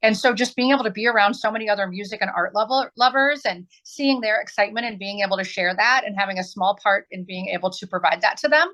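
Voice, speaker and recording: A woman's voice: medium pitch, fast talker, few pauses, a bit bright, low-quality recording. A woman in her forties from southern Illinois, answering interview questions earnestly as an arts nonprofit director, with many ums.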